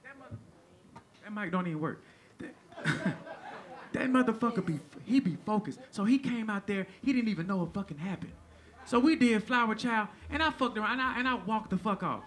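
A man doing stand-up, telling an animated, profane story on stage and laughing through it. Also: high voice, brisk. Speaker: stand-up comedian. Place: stage before a live audience. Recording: live show with crowd.

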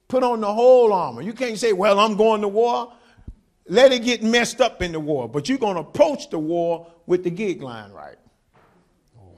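A male pastor preaches with passion, his high voice swinging widely up and down. He calls out to the congregation for responses, and a gravelly rasp runs through his delivery. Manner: impassioned preaching with call-and-response. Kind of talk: sermon.

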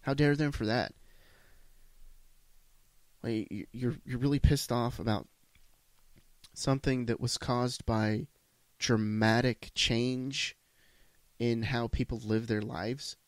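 A man's voice: mid-range voice, fairly even intonation, takes it slowly, pauses often, no echo. Blunt, profane man ranting solo. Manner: blunt, profane, rambling with restarts. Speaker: podcast host. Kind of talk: solo rant podcast.

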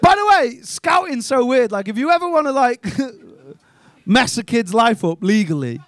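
High-voiced Liverpool man doing stand-up. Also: sing-song, fairly bright tone, a faint crowd. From England. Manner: swears freely, quick mocking put-on voices. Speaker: stand-up comedian. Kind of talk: stand-up comedy set. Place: comedy club stage.

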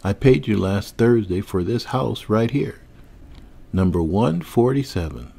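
Male narrator doing a proud carpenter husband, earnest, polite, husky low voice. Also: lively intonation, measured pace, mellow, exaggerated voice. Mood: pleading. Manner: polite, pleading, growing desperate.

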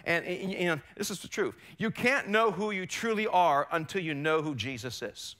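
Bright-voiced, emphatic preaching man. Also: a little high, lively intonation, brisk, hardly any pauses. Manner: emphatic preaching, rising and falling in force. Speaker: pastor. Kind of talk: sermon. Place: church sanctuary.

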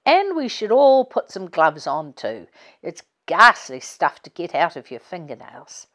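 A woman reading aloud as a practical, cheerful mother giving her children brisk instructions. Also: lowish voice, big pitch swings, fairly bright tone.

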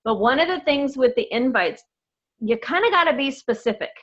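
A woman leading a casual team video call, bubbly and excitable, talking in a chatty, enthusiastic way. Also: high-pitched, muffled recording. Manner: bubbly, excitable, quick to laugh. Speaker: team leader on a coaching call. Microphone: video call microphone.

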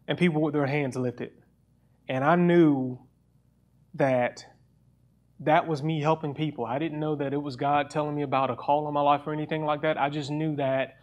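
A young man with a fairly high voice preaches a sermon. He talks in an earnest, personal way and stops to restart his phrases as he works through his thoughts. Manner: reads scripture aloud faster.

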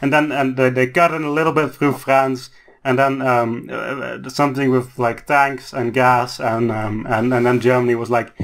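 A man's voice: mid-range voice, level tone, normal speed, gravelly, a bit bright. Rambling, profane young man. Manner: rambling, profane, mock-dramatic quoting of countries. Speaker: podcast co-host. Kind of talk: casual podcast banter.

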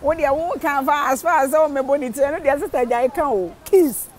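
A woman with a Ghanaian accent giving casual gossip commentary, animated, switching between Twi and English and laughing often. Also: sits high, quick pace, slight background noise. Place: living in Germany.

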